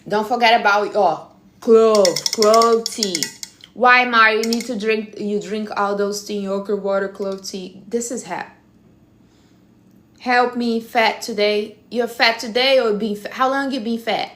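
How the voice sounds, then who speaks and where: A woman chats casually on a live stream, handing out blunt advice with a teasing edge. Her English has non-native phrasing, and her voice sits at an ordinary middle pitch for a woman. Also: fairly even intonation, measured pace. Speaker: livestream host.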